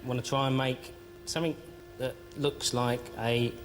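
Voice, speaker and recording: A man's voice: mid-range voice, flat delivery, measured pace, faint music behind. A man giving a cooking demonstration as a sausage maker, with matter-of-fact instructions. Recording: noisy TV studio.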